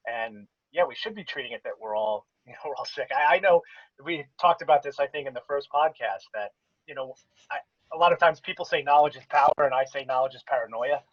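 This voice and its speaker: A man's voice: medium pitch, quick pace, no room sound, dull audio. A man co-hosting a podcast, explaining things at length in casual chat with many restarts. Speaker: podcast co-host.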